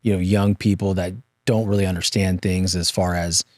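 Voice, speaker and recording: A man's voice: sits low, little pitch movement, no echo, clean studio sound. A man hosting a casual interview, speaking hesitantly with many fillers. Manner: hesitant, halting, lots of fillers and backchannels. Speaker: podcast host.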